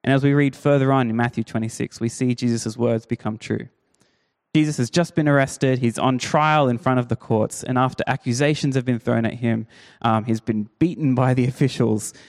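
A man preaching a sermon, telling the story with lively, acted-out quotes. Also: medium pitch, moderate pace. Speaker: pastor.

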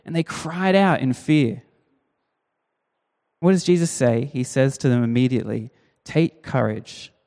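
A man preaching in a relaxed, conversational way, leaning on emphasis and throwing rhetorical questions at his listeners. His mid-pitched voice rings out with a long reverb that trails through a large hall. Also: normal speed, pauses often. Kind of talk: sermon.

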